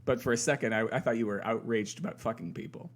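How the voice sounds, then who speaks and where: A man's voice: fairly low pitch, fast talker. A man co-hosting a casual chat podcast, wry and teasing, who laughs often. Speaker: podcast co-host.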